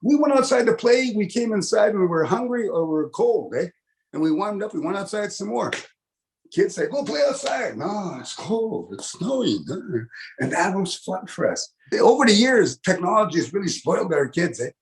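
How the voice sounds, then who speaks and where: A man with a notably high voice performs folksy stand-up comedy. He sounds middle-aged and talks in an animated, storytelling way, often finishing his lines with "eh?". He acts out loud laughter as he goes. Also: fairly quick. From Canada. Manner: tags lines with "eh?".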